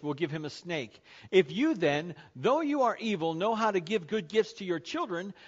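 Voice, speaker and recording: A pastor with a notably high voice preaches a sermon, driving his points home by repeating key phrases and slowing right down on the words he wants to land. The recording sounds dull and muffled, like lo-fi sermon audio. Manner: emphatic, repeats key phrases, slows for stress.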